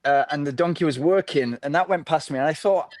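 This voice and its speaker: A man's voice: fairly high pitch, a little fast, darkish tone, a little hiss or hum. A middle-aged man from the north of England, a podcast guest telling his story in a rambling, easygoing way with many restarts. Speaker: podcast guest, ultra runner. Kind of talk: casual interview chat.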